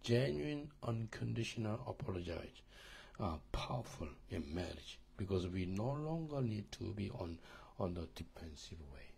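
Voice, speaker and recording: A man teaching a church marriage course, earnest and halting, often repeating words and asking listeners if they understand. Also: lowish voice, sing-song, gravelly, darkish tone.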